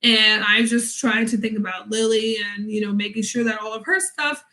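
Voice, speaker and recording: A young woman vlogging casually from home, telling a story in a lively way and acting out both sides of conversations. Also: a little high, moderate pace, rough recording.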